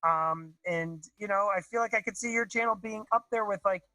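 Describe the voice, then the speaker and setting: A man's voice: high-pitched, brisk, bright, forceful tone, no room sound, poor audio. A man calling in to a video show, talking enthusiastically with a nasal, congested voice. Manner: enthusiastic, effusive. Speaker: caller. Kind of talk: casual video call chat. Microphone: video call.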